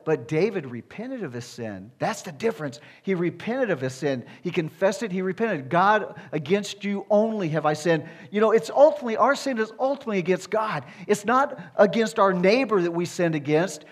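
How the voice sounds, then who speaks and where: A man preaching a sermon, emphatic and repetitive, building to forceful declarations. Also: high-pitched, expressive, fairly quick, few pauses.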